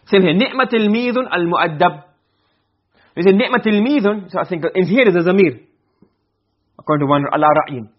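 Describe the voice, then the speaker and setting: A male teacher giving a classroom lecture on grammar, explaining and then checking understanding with quick questions. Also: fairly high pitch, breathy edge, muffled recording.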